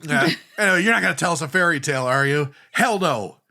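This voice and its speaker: A man with a Canadian accent recaps a horror episode on a podcast in a casual, wry way, laughing often and swearing easily. His voice is bright and forward, and his pitch swings widely. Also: lively intonation, fast talker, vocal fry. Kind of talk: casual chat, retelling a TV episode.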